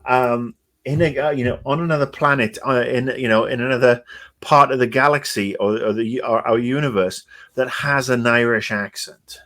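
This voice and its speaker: A man's voice: mid-range voice, steady tone, normal speed, fairly bright tone. A man co-hosting a casual podcast discussion, rambling and sarcastic, swearing freely and full of fillers. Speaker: podcast co-host.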